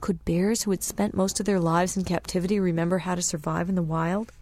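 A woman reading a travel memoir aloud as a narrator, in a measured, descriptive storytelling manner. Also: fairly low pitch, steady tone, a little mellow, no room sound. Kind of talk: scripted audiobook narration.

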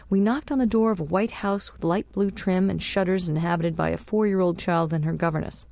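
A woman narrating a travel memoir as an audiobook, in a measured, unhurried reading. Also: fairly low pitch, vocal fry, darkish tone, dry recording.

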